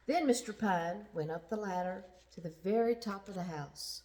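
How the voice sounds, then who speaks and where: A woman reading a children's picture book aloud, slowly and expressively, with sound effects. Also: mid-range voice, mellow, a little hiss or hum. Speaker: storyteller.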